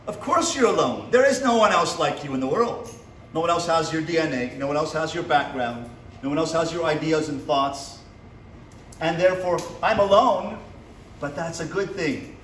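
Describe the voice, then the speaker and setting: A man's voice: fairly high pitch, normal speed, a bit bright, a little hiss or hum. A man, a rabbi, giving a motivational lecture to a class, asking them questions and acting out small dialogues. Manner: asks the audience questions and acts out little dialogues. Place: seminary classroom. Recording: echoey room from a distance.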